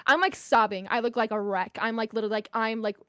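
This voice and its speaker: High-voiced young woman telling a story. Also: quick pace, clean tone, no echo, studio quality. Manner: animated, swears freely, lots of "like". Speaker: podcast guest, streamer. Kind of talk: casual storytelling.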